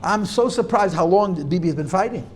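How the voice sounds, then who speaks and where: High, lively-voiced rabbi lecturing emphatically. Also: male voice, fairly quick. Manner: forceful, repeats key points, mixes in Hebrew and Yiddish terms. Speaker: rabbi teaching a class.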